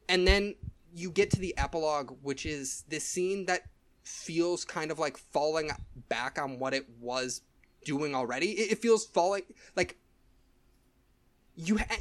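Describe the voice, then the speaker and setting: A man co-hosting a podcast in casual discussion. His voice sits a little high, and he talks through his opinions thoughtfully, hedging as he goes. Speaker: podcast co-host.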